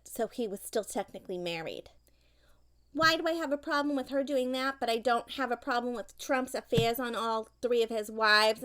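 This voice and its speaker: A woman voices a gossipy, opinionated mother in a comedy monologue, her voice pitched a touch high. She rambles and complains in an indignant, nagging manner, hopping from one grudge to the next as she talks at her grown child. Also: lightly acted. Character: opinionated gossipy middle-aged mother on phone.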